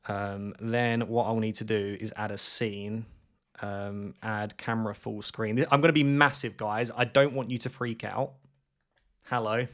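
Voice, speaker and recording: This young streamer's voice sits fairly low, with a steady, slightly bright tone and an unhurried pace. Playing a map guessing game live, he talks casually through his guesses, full of filler words and self-deprecating asides.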